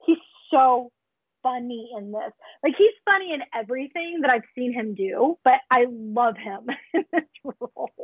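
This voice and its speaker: A woman co-hosting a casual podcast about a film, chiming in with quick laughing asides and enthusiastic reactions. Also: a little high, expressive, husky, dry recording. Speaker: podcast co-host. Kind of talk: casual movie recap chat. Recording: muffled phone-line call audio.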